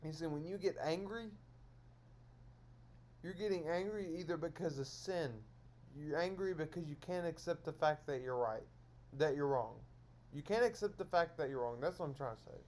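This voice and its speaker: A man's voice: on the high side, darkish tone. A man lecturing his viewers in a solo stream monologue, scolding them over and over in repetitive phrases.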